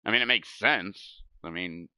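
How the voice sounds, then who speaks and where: A man's voice: low voice, measured pace, sharp tone, clear, resonant tone, dry recording. A middle-aged man streaming a game from home, rambling through casual chat with swearing and laughing at his own stories. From United States. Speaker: gaming streamer. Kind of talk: casual chat while gaming. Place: home gaming setup.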